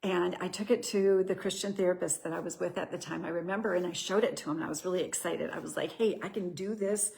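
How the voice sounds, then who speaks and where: A middle-aged woman talks in an earnest, chatty way as she tells her own story to listeners. Her voice sits a little low for a woman. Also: steady tone, fast, vocal fry, few pauses, darkish tone. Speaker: host. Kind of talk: personal testimony talk.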